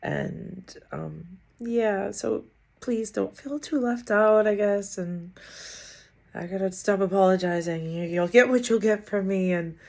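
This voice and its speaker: A woman vlogger giving a rambling, halting update in one unedited take, tired and muttering. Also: medium pitch, vocal fry, a little mellow. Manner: rambling, halting, self-deprecating.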